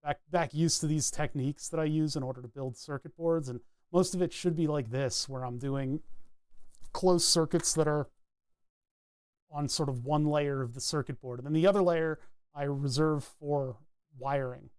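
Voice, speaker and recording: A man's voice: a little high, normal speed, darkish tone, clean tone, dry recording, studio quality. A man chatting casually as he solders a circuit board, rambling and narrating each step of his work. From New England. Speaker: electronics hobbyist streamer. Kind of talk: casual talk while soldering.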